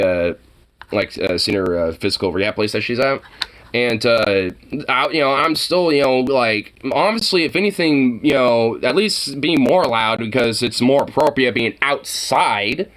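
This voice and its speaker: A man with a fairly high voice rants to camera, worked up and cursing at every turn. His talk rambles, stacked with fillers and restarts as he vents. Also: a bit bright. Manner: heated, profane, rambling with many fillers. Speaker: vlogger. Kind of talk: angry monologue venting to camera.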